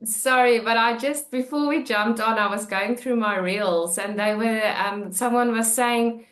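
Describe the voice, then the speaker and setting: A woman's voice: on the high side, unhurried. Encouraging woman host in a roomy space. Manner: warmly encouraging, laughs often. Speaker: interview host. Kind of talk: casual interview talk.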